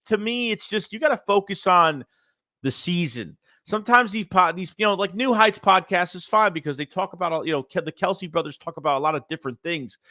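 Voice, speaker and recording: A man with a stuffy nose hosting a casual sports livestream, rambling and animated as he reads chat messages aloud. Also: high voice, no echo, clean studio sound. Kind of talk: casual live-chat commentary.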